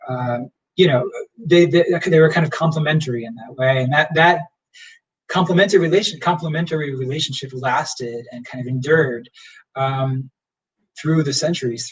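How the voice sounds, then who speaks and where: A young man teaching as a history professor in a casual livestream lecture, relaxed and rambling with many fillers. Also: fairly high pitch, slightly rough, distant mic, low-quality recording.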